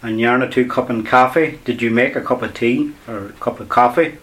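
A man's voice: medium pitch, fairly even intonation, a little fast, a bit bright. Patient man teaching grammar. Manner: patient, explains step by step with repetition. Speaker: Irish language teacher. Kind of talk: radio language lesson.

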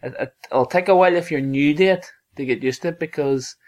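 A man co-hosting a language podcast, echoing phrases back and explaining them for listeners in a relaxed way. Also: a little high, brisk. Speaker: co-host. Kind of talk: casual podcast lesson chat.

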